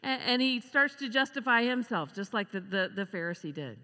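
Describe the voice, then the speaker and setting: A woman delivers a sermon in a bright, clear voice, slipping into the voices of the people she quotes. Her speech rings out with a long reverb, as in a large hall. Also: medium pitch, moderate pace, few pauses. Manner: expressive, acts out quoted voices with laughs. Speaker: preacher.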